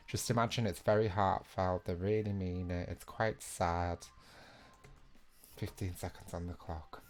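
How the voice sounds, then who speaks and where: A young man hosting a live online quiz on his own from a small room. He reads the questions in a chatty, relaxed way, keeps the banter going, and jokes about his own efforts. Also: deep voice, a little slow, long pauses, soft background music. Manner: chatty and self-mocking, laughs at his own attempts at impressions. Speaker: quiz host.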